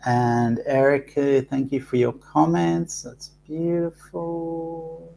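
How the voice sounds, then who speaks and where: A soft-spoken man hosting a live card reading, talking slowly and haltingly with many pauses and fillers. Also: on the high side, completely flat delivery, creaky, a little hiss or hum. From Africa. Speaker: host reading cards for live viewers.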